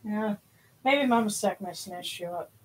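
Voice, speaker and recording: A woman's voice: medium pitch, a little slow, slight background noise. A woman hosts a spiritual livestream in casual, rambling chat, a little out of breath. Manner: rambling, with many fillers and restarts.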